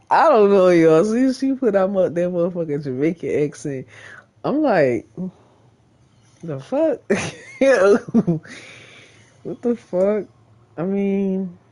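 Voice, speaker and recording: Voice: mid-range voice, warm tone. A vlogger talking in a casual, rambling monologue straight to the camera, swearing freely and laughing often.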